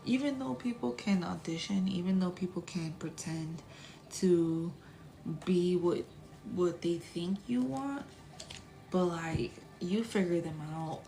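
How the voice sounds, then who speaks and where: A woman's voice: on the low side, lively intonation, slow, vocal fry, warm tone. A woman doing a casual tarot reading, chatty and blunt, sometimes dropping to a whisper and swearing freely. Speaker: tarot reader.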